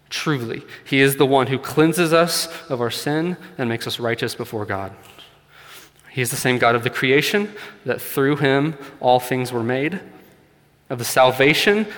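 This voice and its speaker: Earnest preacher in a reverberant hall. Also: male voice, medium pitch, a bit bright. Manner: earnest, conversational with light laughs, rising emphasis on key points. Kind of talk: sermon. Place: church hall.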